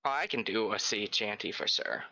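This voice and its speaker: A man's voice: on the low side, lively intonation, normal speed, vocal fry, pushed and bright, dry recording, full character voice, rough recording. A man voicing a wary, unlucky male dwarf who speaks in an old-fashioned way. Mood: genial. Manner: old-fashioned in-character speech.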